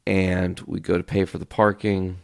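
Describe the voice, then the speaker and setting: Deep, gravelly-voiced man ranting. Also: normal speed, no room sound, studio quality. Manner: profane, ranting, animated storytelling. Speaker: podcast host. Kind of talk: solo podcast storytelling.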